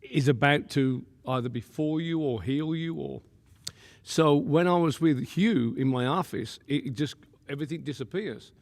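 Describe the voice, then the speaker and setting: A man, a pastor and podcast guest, telling stories in a lively way, laughing often and acting out the quotes. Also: on the high side, moderate pace. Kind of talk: animated storytelling. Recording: long room reverb.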